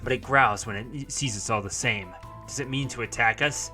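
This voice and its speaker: A man's voice: medium pitch, moderate pace, sharp tone, faint music behind. A young man reading a visual novel aloud as narration, with casual asides and fillers between passages. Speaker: visual novel let's-player.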